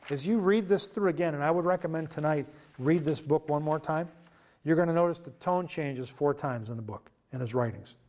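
Male pastor, sermon, earnest, conversational, fillers and restarts, somewhat high pitch. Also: a little mellow.

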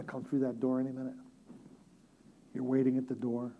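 A middle-aged man preaching a sermon as a pastor, telling stories with humor and swinging from loud, emphatic declarations to hushed near-whispers. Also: medium pitch, monotone, normal speed, pauses often, dull audio, slight background noise. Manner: storytelling with humor.

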